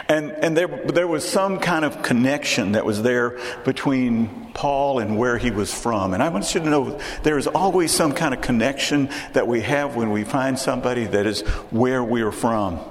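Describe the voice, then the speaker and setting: Man, Texan accent, sermon, conversational, restarts phrases, reverberant hall. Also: medium pitch. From Texas. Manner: conversational, repeats words and restarts. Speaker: preacher.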